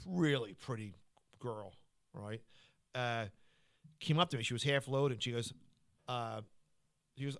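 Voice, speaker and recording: A man's voice: medium pitch, normal speed, pauses often, fairly bright tone. A man, a stand-up comedian, chatting casually on a podcast and telling rambling stage stories with lots of restarts and laughs. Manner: rambling, self-interrupting, laughing storyteller.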